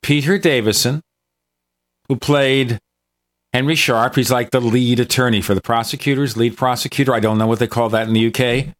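A man's voice: medium pitch, fairly even intonation, normal speed. A man hosting a tech talk show in casual, enthusiastic chat that wanders from point to point. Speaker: show host.

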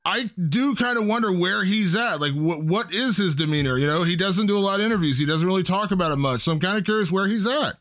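A man's voice: high-pitched, animated, fast, hardly any pauses, a bit bright. A man hosting an interview, chatty and enthusiastic, asking leading questions. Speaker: podcast host. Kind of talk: casual interview chat.

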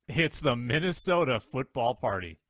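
A man hosting a sports podcast, running the show with upbeat banter and quick plugs. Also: mid-range voice, expressive, fairly bright tone, no room sound. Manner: upbeat, promo-style plugs and rapid banter. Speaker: podcast host.

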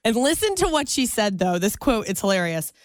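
A woman's voice: medium pitch, very animated, a little fast, no echo, clean studio sound. A woman co-hosting a casual radio show, telling stories in a bubbly, laughing, emotional way. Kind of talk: casual morning show chat.

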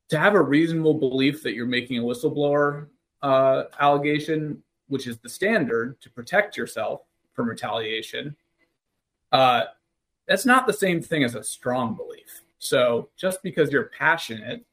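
A man co-hosting a podcast, explaining legal points in a measured, conversational way. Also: mid-range voice, animated, fairly bright tone. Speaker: podcast co-host. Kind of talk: casual legal discussion.

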